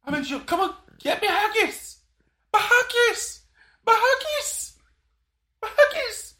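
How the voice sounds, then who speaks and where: A jailed Scot howls for his haggis in a piercing, stretched-out wail, pitched far above a normal speaking voice. Every cry is loud and desperate. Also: very animated, slow, roomy sound, full character voice. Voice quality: shrill wailing, drawn out.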